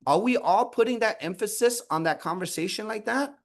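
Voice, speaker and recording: A man coaching his team over a video call, his voice sitting a touch high. He swings his pitch widely as he fires off rhetorical questions and acts out sample lines. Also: fairly quick. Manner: animated, asks many rhetorical questions, acts out sample conversations. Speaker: team leader running a sales training call. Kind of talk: coaching on a group call, calling on people by name.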